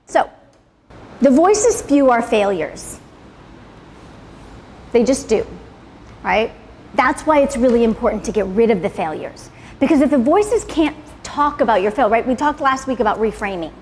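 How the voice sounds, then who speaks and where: A woman's voice: a little high, lively intonation, moderate pace, pauses often, a little mellow, in a large hall, slight background noise. A woman leading a live motivational class, blunt and profane, checking in with "right?" constantly. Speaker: class leader. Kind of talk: casual motivational talk to a class. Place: salon room with live audience.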